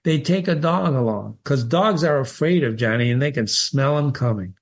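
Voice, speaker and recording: A man reading the part of a calm, sympathetic farmer in a short story, speaking in a matter-of-fact, confiding way. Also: mid-range voice, normal speed. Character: calm, sympathetic male small-town farmer.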